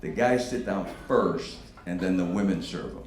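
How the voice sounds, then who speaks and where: A man in his fifties doing a stand-up comedy set, with a profane, animated, punchy delivery. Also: low-pitched, normal speed. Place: comedy venue on stage. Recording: echoey room with background noise.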